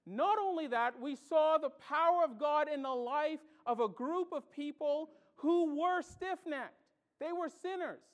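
High-voiced animated preaching man. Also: unhurried. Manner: animated preaching, swinging from loud exclamations to hushed asides; tells stories and acts out reactions. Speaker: pastor. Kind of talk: sermon.

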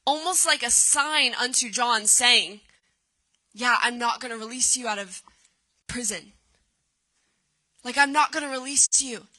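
A woman preaching with a high, very bright, ringing voice. She reads scripture and then retells the story, lifting into dramatic cries at its peaks. Her delivery is earnest and driving. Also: low-quality recording. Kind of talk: sermon.

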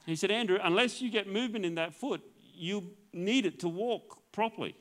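A man's voice: sits high, normal speed, a bit bright. A male pastor telling his healing testimony as a sermon, acting out the dialogue in a storytelling way and laughing often.

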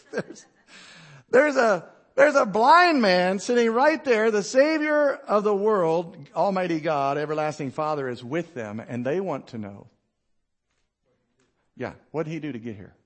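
A man pastor preaching a sermon, acting out Bible characters in quick voices and dropping low and quiet for emphasis. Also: expressive.

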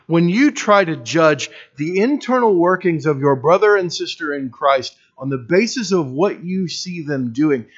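A man preaching a sermon as pastor, earnest and building to emphatic peaks, with wry self-deprecating humor. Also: fairly high pitch. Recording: dull lo-fi recording.

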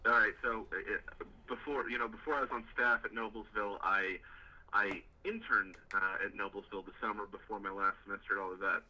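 A man's voice: fairly low pitch, fairly even intonation, fairly quick, bright, forceful tone, highs cut off. A young man, a youth pastor, telling a story in a casual interview, rambling with repeated words and many fillers. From Indiana, US.

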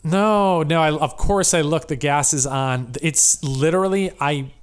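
A man's voice: a little high, a little slow, clean tone. A man co-hosting a podcast, telling a long rambling story in casual, profane chat. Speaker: podcast co-host.

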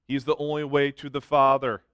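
A man's voice: mid-range voice, fairly quick, clean tone, dry recording. Man, middle-aged, youth pastor, sermon, emphatic, storytelling, dry close sound. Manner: animated, emphatic, self-joking.

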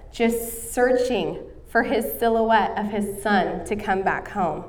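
A woman's voice: medium pitch, recorded from a distance. Earnest woman preaching a sermon. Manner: earnest, storytelling, coughing now and then. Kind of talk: sermon with personal story.

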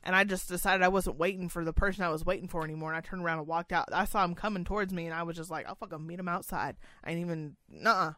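A woman co-hosting a casual chat. She tells a story in a profane, animated rant. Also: lowish voice, racing, few pauses, no room sound. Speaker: podcast co-host.

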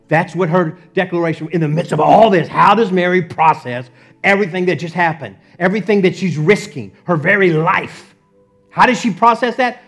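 A man preaching a sermon as pastor, animated, acting out the people he quotes and laughing often. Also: high-pitched, moderate pace, faint music behind.

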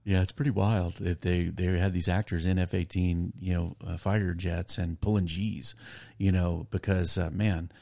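Gravelly middle-aged dad rambling about a movie, low dark voice, dry close sound. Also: male voice, moderate pace, no echo. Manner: rambling, animated, laughs often. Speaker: podcast host, father. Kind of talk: casual movie review chat.

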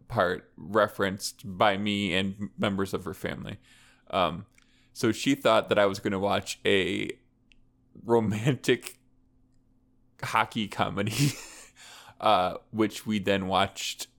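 Male podcast co-host, lowish voice, loose rambling storyteller. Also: fairly bright tone. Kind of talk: casual chat.

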